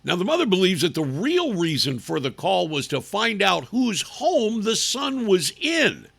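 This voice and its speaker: A male radio talk host delivering an opinionated monologue. His voice is bright and gravelly, with a husky edge. He talks in a sarcastic, mocking way. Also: sits high, sing-song, a little slow. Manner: sarcastic, mocking, acts out people in put-on voices. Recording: live radio broadcast stream.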